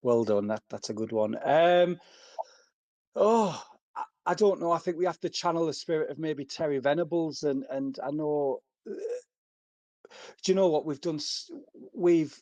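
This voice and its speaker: A man chatting on a podcast, earnest and halting, often restarting his words. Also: a little high, a little mellow, no echo. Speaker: podcast regular. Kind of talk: casual chat.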